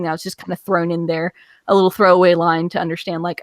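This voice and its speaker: A woman's voice: lowish voice, quick pace, dry recording. Woman podcast cohost recapping stuff over a call, lots of um and you know, dry sound. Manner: animated retelling with filler words and acted quotes. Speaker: podcast co-host. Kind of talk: casual comic-book review chat. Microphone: online call.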